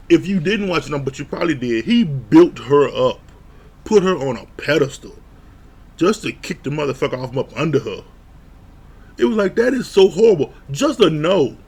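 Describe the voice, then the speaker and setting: Blunt, gravelly-voiced man recapping a show. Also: a little high. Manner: blunt, profane, animated retelling with mock quotes. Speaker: show reviewer. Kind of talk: casual recap commentary.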